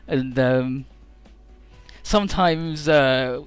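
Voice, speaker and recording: A man's voice: medium pitch, moderate pace, a bit bright, clear, resonant tone, no echo, faint music behind. A young man giving casual, rambling commentary over a story game, swearing freely. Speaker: let's player.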